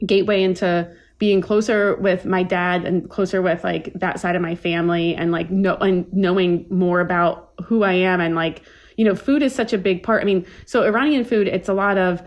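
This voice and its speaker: A woman's voice: fairly low pitch, fairly even intonation, moderate pace. Chatty woman telling rambling stories. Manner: rambling storyteller, many fillers and restarts. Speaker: guest chef. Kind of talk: casual podcast chat.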